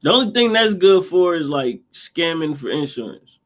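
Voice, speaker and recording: Male podcast co-host, high voice, animated and slangy, jokey mock outrage. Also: normal speed. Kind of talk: casual chat.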